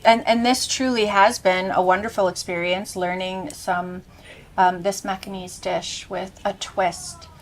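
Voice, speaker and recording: A woman's voice: medium pitch, steady tone, a little slow, rough recording. Casual, enthusiastic cooking host; woman in her thirties tasting and describing food. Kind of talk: casual cooking show chat.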